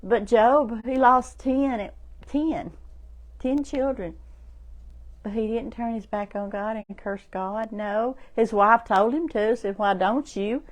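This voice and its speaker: Woman preacher, informal sermon, slow delivery, higher voice, repetitive and emphatic. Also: fairly even intonation.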